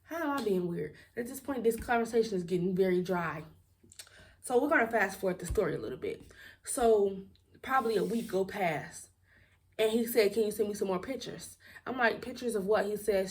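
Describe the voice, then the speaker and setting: A woman's voice: medium pitch, animated, a little fast, darkish tone, recorded from a distance. A young woman telling a storytime to her viewers in a casual, blunt, outspoken way, laughing and swearing as she goes. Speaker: storytime vlogger.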